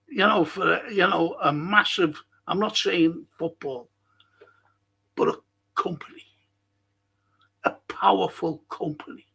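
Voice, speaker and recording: Male fan stream host, husky and slow, sweary rambling rants. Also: a little high, bright, forceful tone. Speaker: football fan show host. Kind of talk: ranting live-stream monologue.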